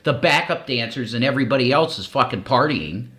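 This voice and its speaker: A man's voice: medium pitch, animated, fairly quick, a bit bright. A man holds the floor in an angry, profanity-laden rant on a stream. He pushes each point with heat and repetition. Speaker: co-host of a streaming show. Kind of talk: ranting commentary.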